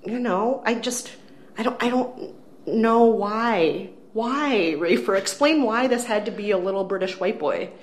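A woman co-hosting a casual film review chat, wry and animated, poking fun at the movie. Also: medium pitch, measured pace. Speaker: film critic co-host.

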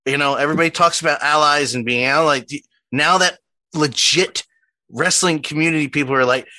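A man with a Philadelphia accent hosting a podcast, chatty and quick to laugh, asking long, rambling questions. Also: a little high, bright, forceful tone, no room sound. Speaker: podcast host. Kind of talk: casual podcast interview.

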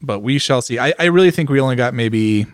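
A man's voice: medium pitch, lively intonation, a little fast, clean tone, no room sound, clean studio sound. A man co-hosting a casual talk show, rambling and often repeating words as he starts his sentences. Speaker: podcast co-host. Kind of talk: casual motorcycle chat.

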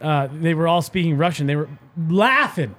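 A man cracking quick jokes on a casual sports podcast panel. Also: a little high, expressive, a bit bright.

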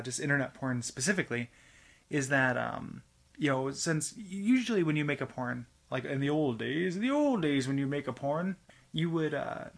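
A young adult man hosting a casual solo podcast from a home studio, talking in a rambling, halting way with many fillers and restarts. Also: medium pitch, vocal fry. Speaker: podcast host. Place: home studio with his cat.

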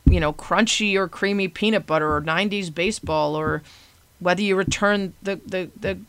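A woman speaking earnestly and admiringly in a tribute. Her voice sits a little low. The sound is dry and close. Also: normal speed, fairly bright tone, no echo. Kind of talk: tribute speech.

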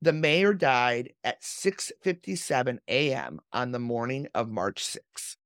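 A woman's voice: extremely low pitch, expressive, a little slow, dry recording, studio quality. A woman hosting a podcast, reading sources aloud and chatting in a sardonic, storytelling way. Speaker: podcast host.

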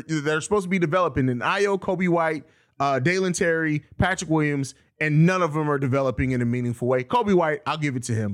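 A man co-hosting a casual sports podcast, speaking in a measured, laid-back way. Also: a little high.

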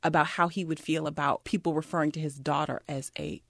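A woman hosting a podcast in casual chat, eager and quick with questions. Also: deep voice, little pitch movement, creaky, fairly bright tone, no room sound, studio quality. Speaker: podcast host.

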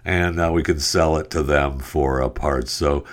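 A man's voice: very deep voice, fairly even intonation, a little slow. A middle-aged man hosting a podcast, rambling through news stories with sarcastic asides and lots of fillers. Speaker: podcast host. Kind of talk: casual news commentary.

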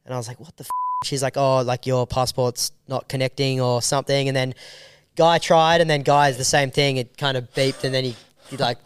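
A man telling a story in loose, animated chat, full of fillers and restarts. His voice is smooth and clean. The sound is dry and close. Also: mid-range voice, fairly quick, no room sound. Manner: animated, rambling with many fillers. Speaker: documentary filmmaker guest. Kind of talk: casual storytelling.

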